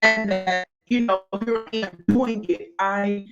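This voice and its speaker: Taking it slowly with fairly even intonation, a medium-pitched woman, who is a speaker and author, streams live from a small office in a hotel suite, loud music behind her voice. Her chat is heartfelt and rambling, full of fillers and warm thanks to viewers, and the sound is dull and lo-fi.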